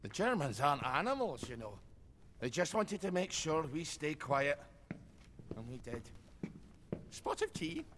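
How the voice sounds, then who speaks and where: A man's voice: a little high, very animated, measured pace, long pauses, fairly bright tone, in a large hall, slight background noise. An actor voicing a lonely older man in a video game who talks to his absent wife, rambling and wistful.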